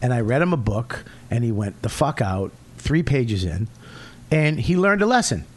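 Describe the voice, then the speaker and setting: A middle-aged man from Boston with a Boston accent, a comedian guest telling profane, animated stories in casual podcast chat. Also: mid-range voice, normal speed. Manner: profane, animated storytelling with acted-out quotes.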